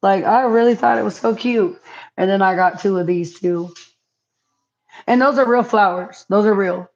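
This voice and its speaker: A woman's voice: medium pitch, normal speed, darkish tone, highs cut off. Chatty woman on a home livestream. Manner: chatty, reads viewer comments aloud. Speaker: livestream host. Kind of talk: casual livestream chat. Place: home, indoors.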